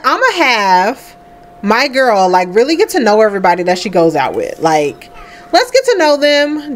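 A high, bright-sounding woman hosts a casual game let's play. Her voice swings up and down as she chats and laughs at her characters. There's a faint hiss underneath. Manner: chatty and animated, laughing often, talking to the sims. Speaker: gaming host.

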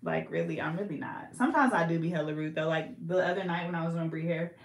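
A woman's voice: on the low side, fast talker. A young pregnant woman from the Bay Area chatting casually on a livestream while she does hair, reading viewer comments aloud in slangy speech. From California, Bay Area. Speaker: hairstylist and livestream host. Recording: echoey room.

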